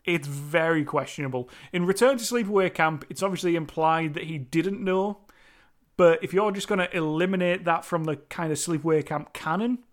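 A British man from the UK giving a loose, rambling film review, full of restarts and casual swearing. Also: high-pitched. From United Kingdom.

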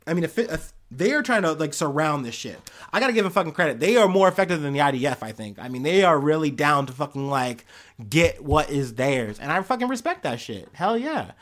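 Male podcast host, reading the news with foul-mouthed, animated asides. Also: fairly high pitch, a little fast. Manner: profane, blunt, animated asides. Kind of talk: reading news articles with casual commentary.

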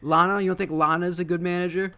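Guy cohosting a podcast, kinda high voice, pushy and teasing, loves to argue. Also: level tone, quick pace, bright, forceful tone, smooth. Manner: argumentative, eager, teasing. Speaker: podcast co-host. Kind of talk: casual chat.

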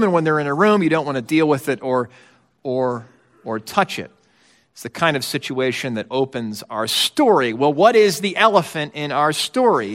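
A man's voice: fairly high pitch, fairly bright tone, long reverb tail. A middle-aged man preaching a sermon, talking in a conversational way with wry asides to the congregation. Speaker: pastor.

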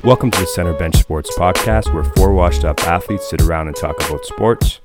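A man's voice: low voice, a little fast, loud music behind the voice. A young man hosting a casual sports podcast, telling stories with lots of "uh" fillers and laughter. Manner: laughing, rambling storyteller with many fillers. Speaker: podcast host.

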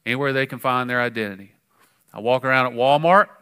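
Animated pastor preaching. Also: male voice, medium pitch, fast talker, smooth. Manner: conversational and animated, with frequent fillers and sudden emphatic rises. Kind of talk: sermon.

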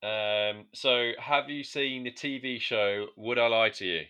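A man's voice: medium pitch, unhurried, pushed and bright, clear, resonant tone, highs cut off. A man co-hosting a comedy podcast, chatting casually with stumbles and restarts. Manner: hesitant, stumbling restarts, dry. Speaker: podcast co-host.

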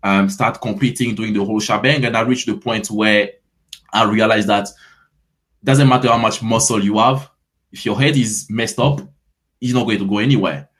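Guest, a thirties fitness coach from Ivory Coast, French accent, low and friendly, stumbles over his starts. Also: steady tone, normal speed, fairly bright tone. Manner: friendly, repeats words while starting sentences. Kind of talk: interview answers.

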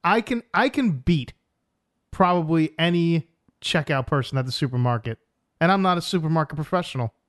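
A man from New York co-hosting a casual podcast chat, blunt and deadpan as he tells joking stories. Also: on the high side, fairly quick. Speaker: podcast co-host.

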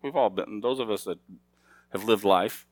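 A middle-aged pastor preaches in a casual back-and-forth with his congregation, building up to emphatic, raised passages. His voice sits on the low side at a normal speed, and there's no room sound.

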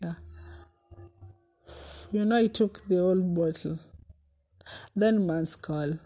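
A young woman with a Kenyan accent tells a personal heartbreak story, swinging between loud exclamations and hushed asides and slipping in Swahili. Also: fairly low pitch, slow pace. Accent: Kenyan English. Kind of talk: emotional storytime vlog.

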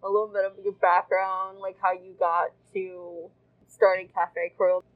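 A woman's voice: medium pitch, flat delivery, moderate pace, narrow, tinny audio. A woman hosting a casual interview podcast, asking friendly questions. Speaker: podcast host. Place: farmers market.

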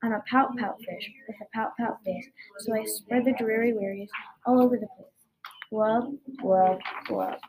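A woman's voice: a little high, steady tone, a little slow, lightly acted, poor audio. A woman reading as a glum, pouting fish. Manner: mopey, resigned storybook reading. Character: glum, gloomy male fish with a permanent pout. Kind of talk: reading a children's picture book aloud. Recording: chattering crowd behind.

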